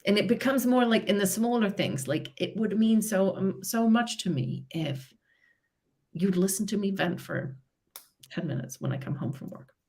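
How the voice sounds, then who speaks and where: A woman's voice: mid-range voice, moderate pace. A British woman speaking as a relationship therapist, explaining advice in a live conversation and acting out example dialogues. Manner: lively, acts out example dialogues with laughs.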